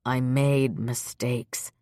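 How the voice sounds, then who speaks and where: A remorseful, subdued man, voiced by a woman narrator, speaks in a quiet, halting way, with his voice pushed deep and slow. The sound is close and dry. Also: flat delivery, no echo, full character voice.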